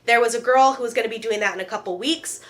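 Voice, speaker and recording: A woman in her thirties chatting casually to camera as a vlogger, animated and jokey, with playful asides. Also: fairly high pitch, quick pace. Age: 30s. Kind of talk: casual chat.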